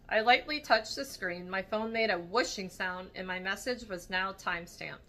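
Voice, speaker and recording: A woman reading a novel aloud for her read-along channel, steady with small slips and self-corrections. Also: mid-range voice, moderate pace, hardly any pauses. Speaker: book channel reader.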